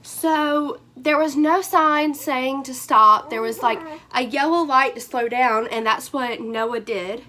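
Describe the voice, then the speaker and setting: A young woman vlogger with a high, bright, hoarse voice. She rambles through her story, animated and full of fillers. Her telling is quick and energetic. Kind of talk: storytime vlog.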